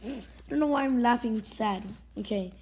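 Woman, vlog host, fairly high voice, halting, emotional, slips into whispers. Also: darkish tone, poor audio. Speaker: channel host. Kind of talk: casual vlog chat.

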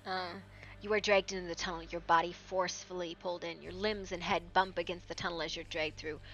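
A woman acting as game master, narrating a horror tabletop scene on a live stream in a hushed, hesitant way with frequent ums. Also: fairly low pitch, steady tone, a little fast, lo-fi sound, faint music behind.

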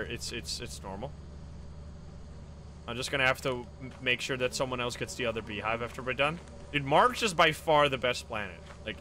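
Male game streamer, mid-pitched, casual and profane, jumps from mumbles to shouts, noisy stream audio. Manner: swears, exclaims loudly when surprised, then mutters low. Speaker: streamer playing a co-op game with friends. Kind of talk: casual live game chat.

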